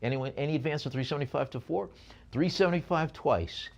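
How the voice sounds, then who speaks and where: A man's voice: fairly high pitch, fairly quick, creaky, dull audio, heavy background noise. A man working as an auctioneer, calling out bids at a live auction and slipping in jokey asides between lots.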